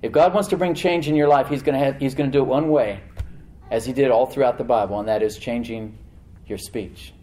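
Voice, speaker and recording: A male pastor preaching a sermon in church, animated, slowing down to stress words and acting out the voices he quotes. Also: medium pitch. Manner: animated preaching, slows for emphasis, acts out quoted voices and laughs.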